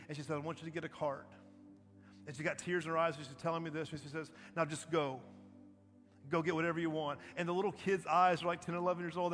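A man's voice: fairly high pitch, a bit bright. A male pastor, preaching a sermon emphatically, repeating phrases and asking "right?". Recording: long reverb, faint music behind.

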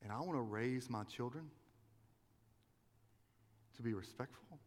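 A man's voice: mid-range voice, measured pace. A man preaching a sermon as a pastor, earnest and confessional as he tells personal stories. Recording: long reverb of a large hall.

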